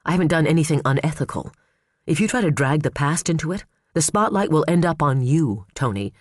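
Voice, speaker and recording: A man voicing a sharp, fierce female prosecutor with a curt, cutting manner, in an audiobook. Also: fairly high pitch, animated, brisk, no echo, studio quality. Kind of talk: audiobook character voice.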